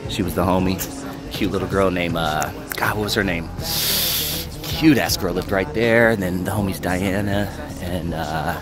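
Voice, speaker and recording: Low-voiced man vlogging, music underneath. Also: normal speed. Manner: reminiscing, hushed at times. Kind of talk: casual walking vlog.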